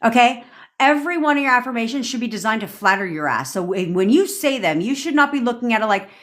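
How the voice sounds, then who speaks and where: A woman's voice: on the high side, animated, fast. A young woman coaching on manifestation in a livestream rant, blunt and profane, acting out pleading and smug inner voices.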